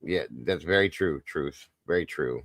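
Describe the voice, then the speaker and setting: A man hosting a live stream, talking softly and consolingly to viewers in the chat. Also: extremely low pitch, unhurried, no room sound, studio quality. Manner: soft, consoling, emotional. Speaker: livestream host.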